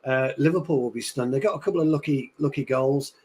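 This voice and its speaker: Blunt, buzzing football fan. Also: male voice, mid-range voice, quick pace, a little mellow, husky. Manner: blunt, buzzing, swears casually. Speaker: podcast panelist. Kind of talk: casual match-reaction chat.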